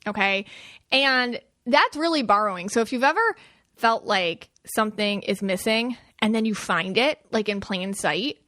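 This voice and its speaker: A young adult woman hosting a podcast, telling stories in a chatty, animated way and jumping up high when she quotes people. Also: normal speed, no room sound, clean studio sound. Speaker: podcast host. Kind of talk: casual podcast talk.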